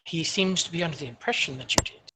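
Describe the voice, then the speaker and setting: Game master narrating a fantasy tabletop session, unhurried and descriptive. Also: male voice, a little high, lively intonation, noisy background.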